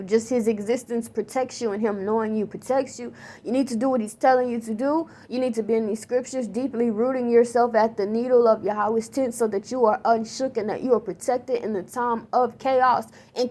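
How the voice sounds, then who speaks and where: Woman, fairly high voice, animated slangy storytelling, shaken, casual spiritual testimony, lots of fillers. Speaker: vlogger recounting a dream.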